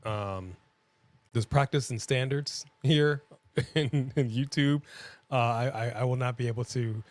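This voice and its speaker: A man's voice: mid-range voice, a little slow, no echo. A man co-hosting a live wrestling watch-along stream, chatting casually, joking and laughing often.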